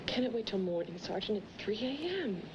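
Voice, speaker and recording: An actress playing a young wife in an old horror film, speaking softly. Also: female voice, mid-range voice, sing-song, a little fast, lo-fi sound, lightly acted. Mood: wary. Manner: soft, soothing and anxious. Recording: old film audio, loud background noise.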